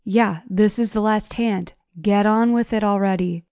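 A woman's voice: medium pitch, fairly even intonation, measured pace, warm tone, clean tone, no room sound, natural voice. Give me a woman playing an impatient young grad student guy, blunt, in a dry close audiobook read.

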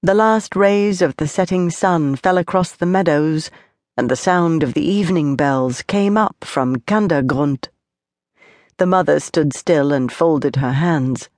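A woman narrating a children's audiobook with gentle, measured storytelling. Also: deep voice, dry recording, studio quality. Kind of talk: scripted narration.

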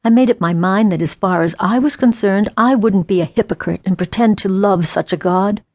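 A woman narrating an inspirational memoir audiobook in an earnest, measured way. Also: mid-range voice, a little mellow, dry recording.

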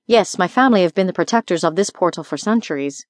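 A woman's voice: lowish voice, expressive, fast talker, dry recording, studio quality, natural voice. A woman voicing a flirty Scottish dragon-shifter bounty hunter in an audiobook, teasing and affectionate, with a Scottish accent. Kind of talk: audiobook character voice.

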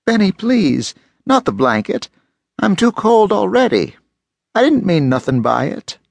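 A man's voice: sits high, sing-song, unhurried, creaky, no room sound, voice pushed up, heavily acted. A man voicing a frightened, clingy homeless woman in an audiobook, begging in whimpering pleas. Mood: pleading.

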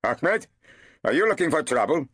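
A man plays a keen, self-important constable who cannot keep quiet, rushing to put himself at the centre of events. The voice is pitched high and jumps around eagerly. Dry, close audiobook read. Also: big pitch swings, slightly rough, dry recording, exaggerated voice. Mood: excited. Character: eager, boastful male constable. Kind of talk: audiobook character voice.

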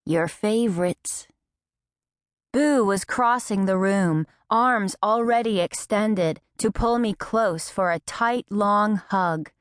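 Measured female audiobook narrator. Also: medium pitch, no echo, studio quality. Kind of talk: scripted first-person narration.

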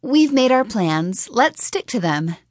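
A woman's voice: fairly high pitch, big pitch swings, takes it slowly, no echo, studio quality, voice pushed up, full character voice. A woman voicing an earnest, practical young woman in a fantasy audiobook, speaking in a reasoning, slightly unsure way. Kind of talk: audiobook character voice.

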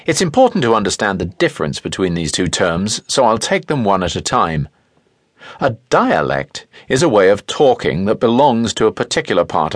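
A man reading a nonfiction audiobook in a clear, explanatory way, stressing each example, close to a studio microphone. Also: low voice, no room sound. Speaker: audiobook narrator. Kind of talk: scripted nonfiction audiobook narration.

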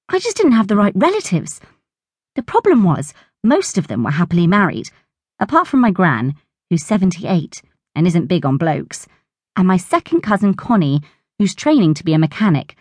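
A woman narrating a children's audiobook in an expressive, bright storytelling manner. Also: on the low side, no room sound.

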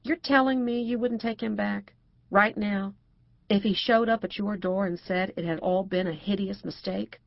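A woman's voice: medium pitch, steady tone, moderate pace, creaky, dry recording, dull audio, close to an everyday voice. A woman narrator voicing a prim, cautious middle-aged housewife who speaks properly and frets. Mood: prim, fretful. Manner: proper and fretful.

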